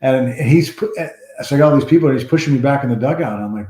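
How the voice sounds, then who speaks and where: Deep-toned man telling baseball stories. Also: fast talker, few pauses, roomy sound. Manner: rambling, animated anecdotes with restarts. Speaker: former baseball player, guest. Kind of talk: storytelling interview.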